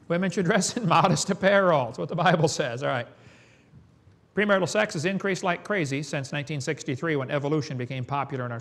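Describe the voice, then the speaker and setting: Folksy, emphatic preaching man. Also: a little high. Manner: folksy, emphatic, chuckles between points; asks "okay?" often, pauses for effect. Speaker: creationist speaker. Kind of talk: preaching lecture to an audience.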